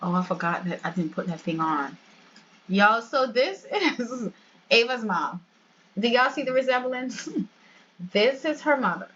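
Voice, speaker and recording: A woman's voice: fairly high pitch, expressive, unhurried, long pauses, fairly bright tone. A young woman hosting a game channel, chatting and laughing often as she tells the story to her viewers. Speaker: gaming channel host. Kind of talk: casual game commentary and storytelling. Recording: dull lo-fi with faint hiss.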